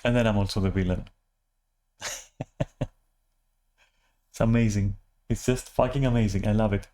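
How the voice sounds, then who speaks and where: Fairly low and mellow, the man's voice keeps a fairly even intonation at a measured pace. A vlogger, he rants casually to the camera, rambling, putting himself down, swearing freely, and frequently restarting with filler words.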